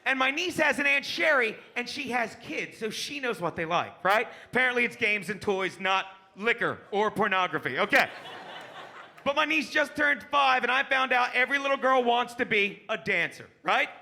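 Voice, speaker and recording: Brief: brash male stand-up, very high and very bright voice, punchy crowd-baiting delivery. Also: animated, moderate pace, gravelly. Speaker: stand-up comedian. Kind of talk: stand-up comedy. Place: comedy club stage.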